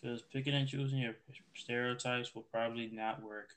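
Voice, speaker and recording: A man co-hosting a podcast in casual chat, halting and repeating words as he searches for them. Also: mid-range voice, little pitch movement, fairly bright tone. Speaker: podcast co-host.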